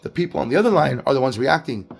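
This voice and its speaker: A man giving a casual devotional Bible recap, preaching with lively slang and acting out quotes. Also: medium pitch, very fast, gravelly, breathy edge. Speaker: Bible teacher.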